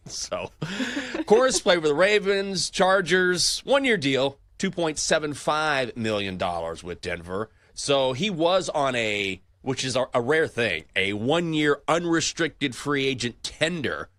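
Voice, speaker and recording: A man's voice: mid-range voice, unhurried, no echo. A man co-hosting a sports betting show, telling stories in casual chat and acting out the voices he quotes. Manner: animated storyteller, acts out quoted voices.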